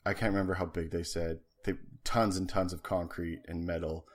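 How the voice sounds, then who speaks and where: Low-voiced rambling podcast co-host man. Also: little pitch movement, a little fast. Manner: rambling storyteller, many ums and restarts. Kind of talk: casual chat.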